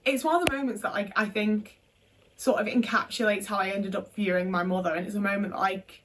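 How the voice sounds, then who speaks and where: A woman's voice: fairly high pitch, expressive, a little slow, recorded from a distance. A young woman from the UK telling a personal story in casual talk, frank and full of swearing and filler words. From United Kingdom. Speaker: vlogger.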